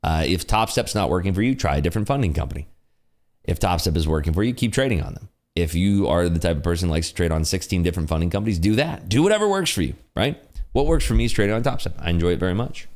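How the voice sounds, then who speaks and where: A young adult man hosting a day-trading livestream, chatting casually with viewers in an animated, ranting way full of fillers. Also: low-pitched, fast talker. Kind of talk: casual livestream chat answering viewer questions.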